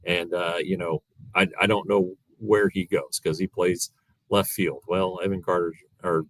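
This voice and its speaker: Deep-voiced man rambling about baseball. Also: level tone, unhurried, no room sound. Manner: rambling, many fillers and restarts. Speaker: guest analyst. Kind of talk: casual sports podcast chat.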